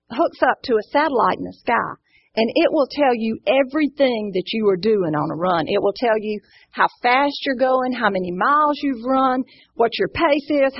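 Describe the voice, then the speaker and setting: Husky woman teaching Bible study. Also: on the high side. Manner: earnest, encouraging, asks the group questions. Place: indoor room with a live group. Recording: dull lo-fi recording.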